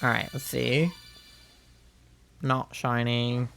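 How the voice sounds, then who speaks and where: Gravelly young man chatting on stream. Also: medium pitch, little pitch movement, slow pace, a bit bright, faint music behind. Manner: chatty, rambling, many fillers. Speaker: livestreamer. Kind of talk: casual chat while gaming. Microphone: headset.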